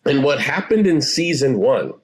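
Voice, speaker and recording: A man in his forties, a therapist guest, explaining things in a calm, assured way. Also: mid-range voice, normal speed, breathy edge. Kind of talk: interview answers.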